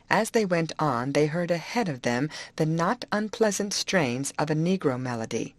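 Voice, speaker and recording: A woman narrating an audiobook in a clear, expressive storytelling manner. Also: low-pitched, normal speed, few pauses, no room sound. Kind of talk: audiobook reading.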